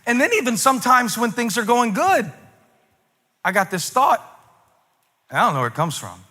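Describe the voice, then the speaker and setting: A male pastor preaching a sermon, moving between loud, emphatic peaks and quiet, musing asides, with humorous remarks to the congregation. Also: very high voice, very animated, moderate pace, pauses often, long reverb tail.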